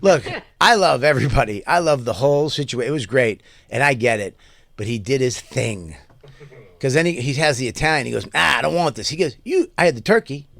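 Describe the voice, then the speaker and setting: Animated swearing man telling stories. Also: mid-range voice, a little fast, no room sound. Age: middle-aged. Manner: animated storyteller, swears a lot, acts out quotes. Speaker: podcast co-host. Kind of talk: casual chat.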